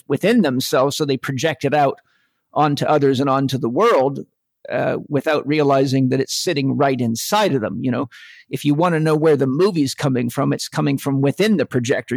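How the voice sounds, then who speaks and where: A man's voice: medium pitch, gravelly, dry recording. A man speaking earnestly and reflectively on a spiritual podcast. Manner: earnest, reflective, quotes sayings.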